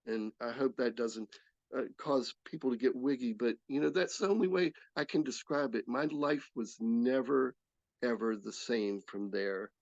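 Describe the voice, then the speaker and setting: Older man, 60s, personal testimony talk; gravelly, earnest, stops and restarts; dry, slightly muffled sound. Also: medium pitch, a little mellow, no echo. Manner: earnest, halting storytelling with restarts. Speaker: speaker sharing his recovery story. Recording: slightly dull, dry recording.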